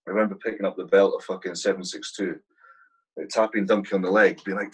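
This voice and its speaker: Talking fast in a low, husky, level tone, an army platoon sergeant shares war stories as a guest in an easygoing interview. The audio quality is poor, and he swears nonstop while repeatedly calling people "mate."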